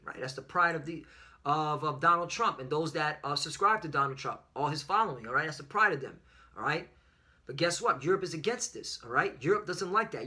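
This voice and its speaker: Fiery high-voiced preaching man. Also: animated, fairly quick, sharp tone. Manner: fiery, profane, filler-heavy preaching. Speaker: online preacher. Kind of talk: religious commentary lesson.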